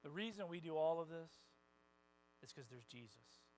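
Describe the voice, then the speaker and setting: Man, pastor, lively conversational sermon, slightly high voice, faint electrical hum in the church. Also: moderate pace, rough recording. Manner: animated, conversational preaching with quoted voices and sudden loud rises. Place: church sanctuary.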